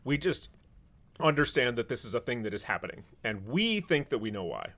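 A man's voice: medium pitch, very animated, a little fast, a bit bright. A man who is a chef, hosting a casual podcast chat with a wry, sarcastic, rambling manner.

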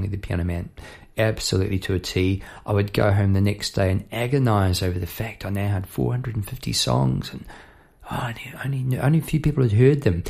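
A man from New Zealand hosting a podcast, telling lively anecdotes and mimicking the people in them. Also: lowish voice, creaky. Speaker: podcast host and musician. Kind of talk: storytelling monologue.

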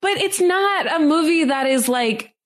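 A woman's voice: high voice, lively intonation, a little slow. A woman co-hosting a casual movie podcast, chatty and opinionated, often laughing as she talks. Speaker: podcast co-host. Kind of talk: casual chat.

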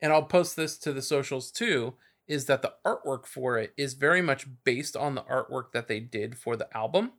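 This podcast co-host speaks at a moderate pace with a medium-pitched, slightly bright voice and few pauses. He chats casually and rambles, using plenty of fillers and restarting sentences often.

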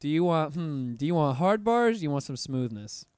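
A man's voice: on the high side, very animated, normal speed, a little mellow, clear, resonant tone, no echo, studio quality. A man hosting a podcast in casual, slangy chat, laid-back and profane as he hypes up artists. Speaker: podcast host.

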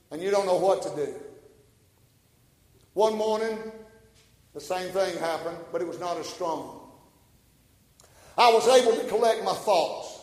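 A man preaching a sermon, swinging from quiet storytelling to shouted, passionate bursts. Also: high-pitched, roomy sound, in a large hall, poor audio.

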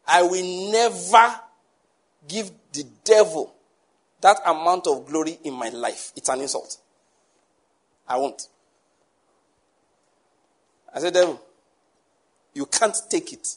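A man preaching a sermon to a congregation, lively, acting out the people he quotes and laughing often. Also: high-pitched, measured pace, pauses often, husky. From Nigeria. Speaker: pastor.

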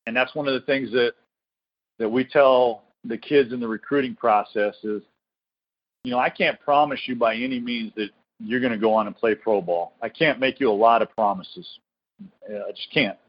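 A man's voice: mid-range voice, moderate pace. A man who coaches college baseball, telling stories and explaining his program in an earnest, reflective podcast interview, often restarting his phrases. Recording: dull lo-fi recording.

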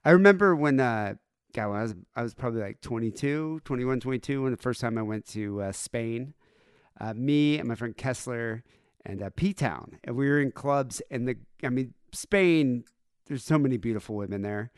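A man's voice: mid-range voice, moderate pace, clean tone, no echo, studio quality. A man hosting a casual podcast, rambling through stories with laughs and crude humor. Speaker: podcast host. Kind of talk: casual chat.

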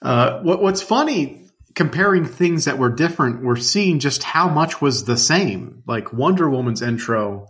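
A man's voice: medium pitch, lively intonation, a little slow, fairly bright tone. Enthusiastic rambling podcast man. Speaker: podcast co-host. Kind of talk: casual film discussion.

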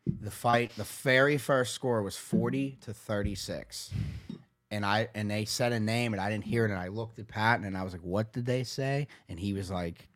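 A man with a Pittsburgh accent tells a story on a podcast in a loose, lively way. He has a fairly low voice and often acts out what people said. Between lines he sometimes swears. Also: normal speed. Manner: animated, swears when heated, acts out quotes. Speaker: MMA manager, podcast guest.

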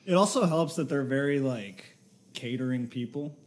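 A man's voice: medium pitch, animated, moderate pace. A man co-hosting a podcast in casual chat, teasing his friends and laughing a lot. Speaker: podcast co-host.

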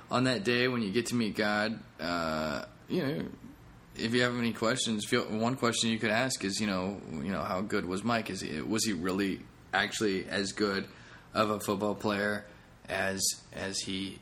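A man's voice: lowish voice, a bit bright, slight background noise. A man who is a comedian, hosting a casual solo podcast in a rambling, profane way with self-mocking jokes.

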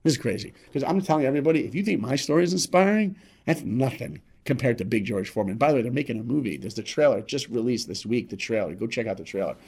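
A man as a podcast guest telling a motivational story, emphatic and repetitive, swinging between loud and hushed. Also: mid-range voice, fast, slightly rough.

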